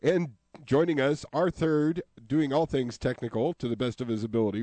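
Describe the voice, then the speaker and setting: Brief: male radio host, easygoing and jokey, mid-pitched voice, close and dry. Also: normal speed, dark tone, no room sound. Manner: jokey, upbeat, plain-spoken. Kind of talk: casual radio talk. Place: radio studio.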